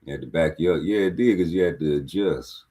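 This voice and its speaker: A man's voice: low-pitched, fast talker. A man giving a casual boxing fight breakdown, talking in blunt, profane street slang and calling out the action on screen. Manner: animated, talks back at the fighters on screen. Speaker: boxing commentator.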